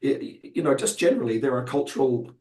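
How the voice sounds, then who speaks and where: Croaky kiwi guy on a webinar call, roomy echo, lots of ums and restarts. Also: mid-range voice, quick pace, mellow. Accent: New Zealand. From New Zealand. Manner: rambling, many fillers and restarts. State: hoarse from illness. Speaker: panel guest. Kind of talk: webinar discussion.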